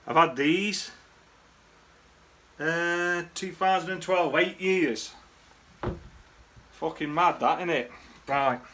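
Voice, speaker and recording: A man's voice: a little high, slow pace, pauses often, sharp tone, slight background noise. A man, rambling through casual, sweary memories in a laddish way to the camera. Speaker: vlogger. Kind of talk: casual reminiscing monologue.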